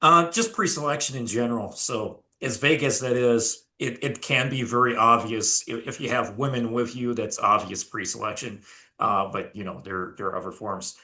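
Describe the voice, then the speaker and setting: A man's voice: mid-range voice, moderate pace, bright, forceful tone. A man speaking as a guest on a dating-coach panel, talking loosely with swearing and frequent hesitations. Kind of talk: casual panel chat.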